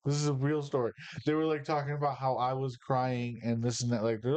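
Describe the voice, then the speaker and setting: A man's voice: medium pitch, steady tone, a little fast, a little mellow, clean tone, dry recording, highs cut off. A man from Michigan telling rambling personal stories on a casual podcast, profane and fired up. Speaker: podcast host. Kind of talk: casual storytelling.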